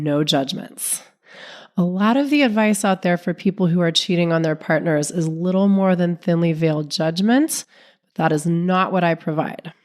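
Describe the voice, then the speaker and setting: A woman relationship coach hosting her own podcast, talking calmly and steadily while sick, her voice sounding off from illness. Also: fairly low pitch. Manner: calm, steady, non-judgmental explaining. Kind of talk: solo podcast talk.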